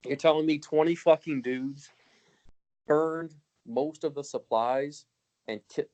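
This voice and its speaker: A man's voice: fairly high pitch, moderate pace, a little mellow, muffled recording. A man co-hosting a casual podcast, ranting with lots of swearing and frequent laughter. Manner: ranting, profane, laughs often. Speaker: podcast co-host.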